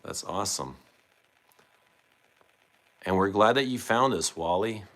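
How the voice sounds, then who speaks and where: A man's voice: lowish voice, measured pace, fairly bright tone. A man hosting a casual livestream, reading viewer comments aloud and chatting back with questions. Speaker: livestream host.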